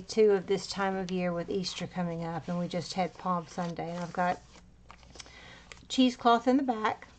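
A woman's voice: mid-range voice, a little hiss or hum. A woman chatting casually as she pages through a handmade journal, rambling a little and slightly out of breath. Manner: chatty, meandering, with fillers. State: a bit out of breath. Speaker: crafter showing a handmade journal. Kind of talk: casual walkthrough.

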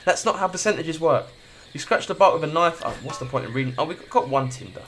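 A man's voice: on the high side, lively intonation, quick pace, few pauses, a bit bright, slight background noise. A man doing casual gameplay commentary, swearing freely and reading the game's text aloud. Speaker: gaming video creator.

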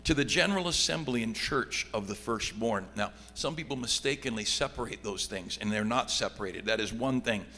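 A middle-aged pastor teaching a Bible study, reading scripture aloud and swinging from loud excitement to quiet asides. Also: male voice, on the low side, a little fast, hardly any pauses. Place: church sanctuary. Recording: long hall reverb, faint background hum.

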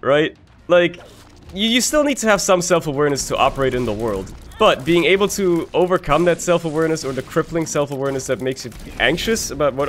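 A young man giving rambling, profane casual commentary over his gameplay, swinging between loud bursts and quiet mutters. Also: mid-range voice. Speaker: gaming YouTuber.

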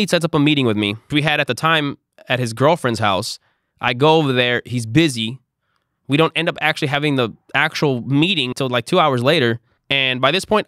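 A man's voice: medium pitch, fairly bright tone, dry recording. Frustrated man retelling a story, dry sound. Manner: frustrated, emphatic retelling with quoted exchanges. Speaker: content creator. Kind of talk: storytime vlog.

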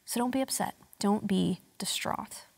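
A woman's voice: medium pitch, measured pace, creaky, a little mellow, in a whisper. A woman in her thirties preaching a sermon in a church, conversational and wry, with frequent restarts. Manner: conversational, self-deprecating humor, frequent restarts. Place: church sanctuary.

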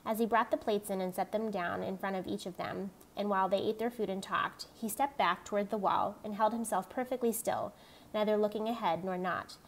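A woman reading a novel aloud in a plain, steady voice, keeping the characters' lines close to her own. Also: mid-range voice, fairly quick, creaky. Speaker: reader. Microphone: tablet mic.

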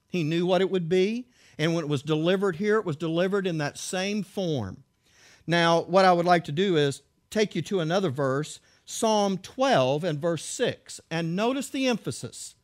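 High-voiced emphatic male preacher. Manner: emphatic, repeats key words, asks rhetorical questions. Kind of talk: sermon.

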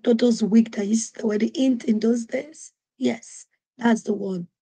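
A woman from Nigeria hosting a podcast, telling a personal story in an animated way and acting out what other people said. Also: on the high side, measured pace, slightly rough. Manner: animated, acts out quoted voices. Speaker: podcast host. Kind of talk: storytelling monologue.

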